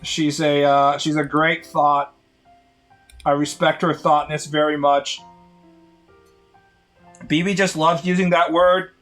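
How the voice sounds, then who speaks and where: A man's voice: fairly high pitch, little pitch movement, slow, pauses often, a bit bright, soft background music. A man chatting casually on a live stream in a sardonic, rambling way.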